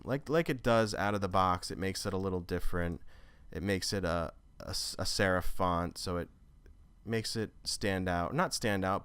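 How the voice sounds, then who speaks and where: A man's voice: deep voice, smooth, dry recording. A man teaching an online course, talking casually through a screen-recorded tutorial with many fillers and self-corrections. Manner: relaxed and conversational, with frequent fillers and self-corrections.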